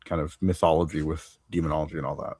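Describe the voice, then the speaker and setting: A man with a very deep, husky voice co-hosts a casual podcast. He sounds relaxed and keeps up quick, affirming reactions. The sound is dry. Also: no echo. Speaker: podcast co-host.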